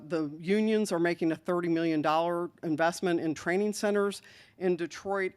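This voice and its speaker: A woman city official giving an earnest, deliberate speech at an evening panel event, stressing key words. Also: on the low side.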